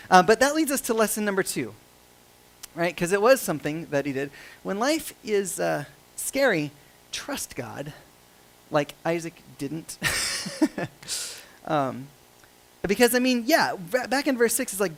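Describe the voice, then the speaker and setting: A man's voice: fairly high pitch, animated, fairly quick, creaky, a bit bright, rough recording. A male pastor preaching a sermon in a conversational, joking and self-deprecating way.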